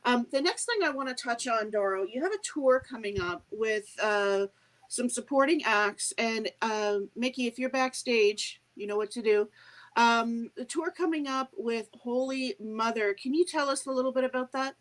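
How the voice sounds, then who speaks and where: A woman's voice: fairly high pitch, moderate pace, poor audio. Upbeat woman hosting a live show. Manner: upbeat, reads viewer comments aloud.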